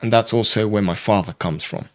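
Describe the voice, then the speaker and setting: A young man from France with a French accent, telling a fishing story as a guest in a casual, animated chat. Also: fairly low pitch, fairly quick, no room sound, clean studio sound. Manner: animated storyteller, loose and chatty.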